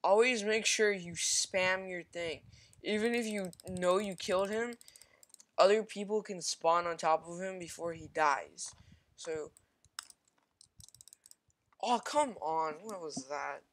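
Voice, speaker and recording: A gamer giving casual commentary over their own shooter gameplay, thinking aloud, mocking their own play and repeating quick exclamations between fillers. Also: medium pitch, fairly bright tone.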